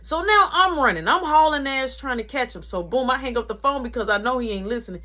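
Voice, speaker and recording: A woman's voice: sits high, lively intonation, fairly quick, sharp tone. A young adult woman telling a story in a casual, slangy, profane way and acting out each person's lines.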